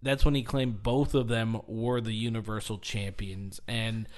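A man on a podcast, casually retelling a story with lively acted-out quotes and frequent laughter. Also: fairly low pitch, measured pace. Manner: animated storytelling, acting out quotes, laughing often. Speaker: podcast host. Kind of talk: casual chat.

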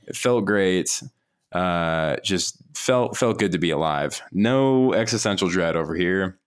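A man's voice: a little slow, clear, resonant tone. A man co-hosting a podcast in casual chat, telling rambling anecdotes. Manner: rambling storyteller, jumps pitch when excited. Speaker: podcast co-host.

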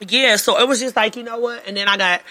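A woman guest on a podcast, chatting in a loose, slangy way. Her voice is high and very sharp, with an intensely bright, cutting edge. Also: fast. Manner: chatty, laid-back, uses slang. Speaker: podcast guest, boutique owner. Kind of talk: casual chat.

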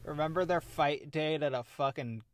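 A young man in casual podcast chat, emphatic and quick to swear as he rants. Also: on the high side, a little hiss or hum. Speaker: podcast co-host.

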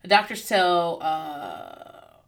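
A young woman hosting a podcast, telling a story in a casual, profane, animated way and laughing often. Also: fairly low pitch, drawn-out words, creaky. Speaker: podcast host. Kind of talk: casual comedic recap.

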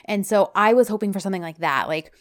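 A young woman co-hosting a podcast, chatting and telling stories in an animated, rambling way. Her voice sits in a middle pitch, and the recording is dry and close. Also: fast talker, no room sound. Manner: chatty, animated storyteller, many fillers. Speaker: podcast co-host. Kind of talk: casual chat.

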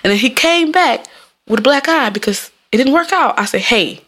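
A woman's voice: high-pitched, animated, fairly quick, fairly bright tone. A woman from Jamaica hosting her own podcast, talking in a rambling, casual way and laughing often. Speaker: podcast host. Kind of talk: casual solo podcast monologue.

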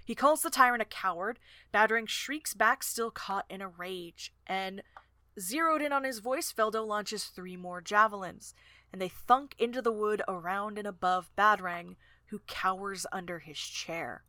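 A woman's voice: mid-range voice, measured pace, pushed and bright, dry recording, clean studio sound. A woman co-hosting a podcast, casually retelling and discussing book scenes. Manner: chatty, retelling scenes with many fillers. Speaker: podcast co-host.

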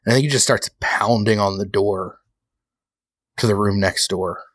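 A man's voice: lowish voice, moderate pace, no room sound. A man playing a tabletop game, describing his character's actions in a casual, filler-heavy way. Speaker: player.

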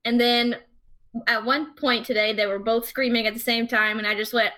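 A young woman co-hosts a casual podcast, laughing easily as she tells stories. Her voice sits high and sounds bright and clear. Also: moderate pace. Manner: giggly, animated storyteller. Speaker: podcast co-host. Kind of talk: casual chat.

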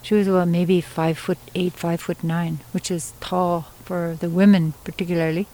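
A woman storyteller from Yukon, Canada, telling a traditional story in an unhurried, conversational way with pauses and asides. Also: on the low side, little pitch movement, warm tone, rough recording. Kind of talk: oral storytelling.

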